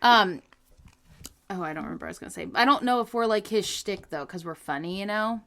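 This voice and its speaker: A young woman co-hosting a casual podcast, chatting and joking freely. Her pitch swings widely and expressively. She reads aloud from a source and keeps breaking off into asides. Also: lively intonation, quick pace, bright, forceful tone. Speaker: podcast co-host.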